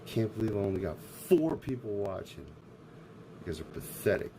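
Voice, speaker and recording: A man's voice: lowish voice, big pitch swings, moderate pace, background noise. A man streaming live, ranting in a profane, abrasive way. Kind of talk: casual livestream rant.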